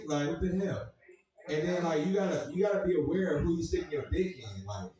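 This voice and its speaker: A young male comedian talks loosely and profanely, riffing with the crowd. His voice is a bit high for a man and rings through a very echoey room, with the mic sitting far off. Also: lively intonation, a little fast, dark tone. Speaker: stand-up comedian. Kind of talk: stand-up comedy set.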